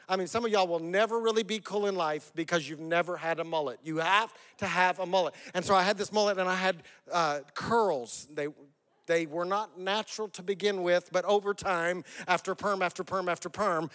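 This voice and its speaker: A man's voice: sits high, a bit bright, long reverb tail. A male pastor giving a sermon in a conversational, joking, self-deprecating way.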